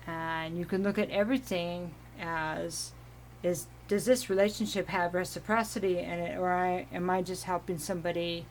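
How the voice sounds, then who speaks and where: A woman giving a casual, meandering tarot reading at home, giggling now and then and clearing her throat from allergies. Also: fairly low pitch, fairly even intonation, moderate pace, slight background noise. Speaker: tarot reader.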